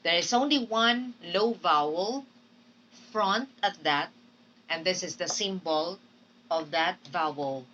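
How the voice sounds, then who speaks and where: A woman's voice: fairly low pitch, slow pace, bright, forceful tone, far from the mic, muffled recording, a little hiss or hum. A woman with a Filipino accent, teaching English pronunciation in a patient classroom lecture, drilling words and repeating them. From Philippines.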